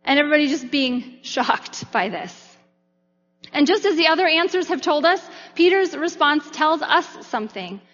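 High-voiced woman preaching in a reverberant hall. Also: animated, fairly quick, fairly bright tone. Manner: conversational, acts out disciples' voices in quotes. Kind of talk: sermon. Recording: dull sound with long reverb in a hall.

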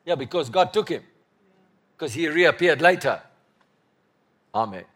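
A man's voice: a little high, normal speed. Emphatic pastor man. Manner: emphatic, repeats phrases, swings from loud bursts to quiet murmurs. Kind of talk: sermon.

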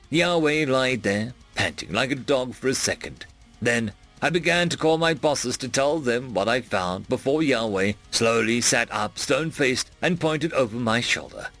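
Expressive gravelly male story reader. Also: medium pitch, normal speed, faint music behind. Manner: expressive, dramatic reading. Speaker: story narrator. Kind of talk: scripted story reading.

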